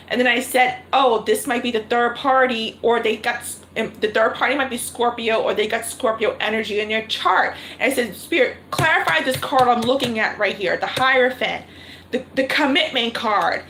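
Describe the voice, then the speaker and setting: High-voiced woman doing a tarot livestream. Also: bright, forceful tone, slight background noise, poor audio. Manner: thinks aloud, repeats phrases, asks spirit questions. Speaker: tarot reader. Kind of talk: live-streamed tarot reading.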